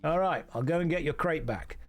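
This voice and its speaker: A man's voice: on the high side, a little fast. Sarcastic man streaming a game. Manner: sarcastic, joking, answers chat. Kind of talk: casual gameplay commentary to a live chat.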